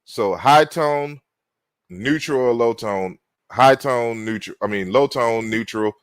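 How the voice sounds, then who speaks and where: Slow, unhurried male lecturer. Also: mid-range voice, clear, resonant tone, no room sound. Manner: unhurried, frequent "you know" fillers and restarts. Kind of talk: online lecture walking through slides.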